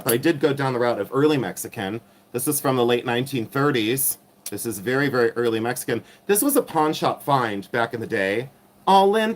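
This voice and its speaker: Rambling nasal man hosting a livestream. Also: medium pitch. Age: middle-aged. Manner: rambling, self-mocking, reads chat aloud. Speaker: livestream host reselling vintage jewelry. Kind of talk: casual livestream chat.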